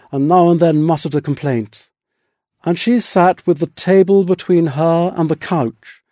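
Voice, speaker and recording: Slow, mellow male audiobook narrator. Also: a little high, dry recording, clean studio sound. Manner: measured, deliberate literary reading. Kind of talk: scripted narration.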